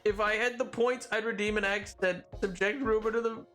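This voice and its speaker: A man's voice: sits high, fairly even intonation, fairly quick, over music. A man chatting casually on a live gaming stream, bantering playfully with his chat and acting mock-indignant when they tease him.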